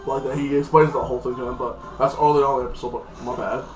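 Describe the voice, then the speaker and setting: A man's voice: medium pitch, level tone, quick pace, darkish tone. A man giving a casual, rambling spoken recap of a TV episode, full of fillers and restarts. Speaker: TV episode reviewer. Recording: echoey room, faint guitar music.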